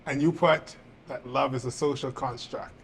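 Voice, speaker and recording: A man's voice: mid-range voice, steady tone, normal speed, vocal fry, husky. Man teasing playfully on a date. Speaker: host. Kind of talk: casual date chat.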